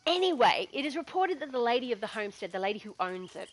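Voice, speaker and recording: A woman's voice: a little high, sing-song, quick pace, few pauses, poor audio. A woman with an Australian accent telling a story in a chatty, digressive way as a gaming vlogger. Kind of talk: casual storytelling.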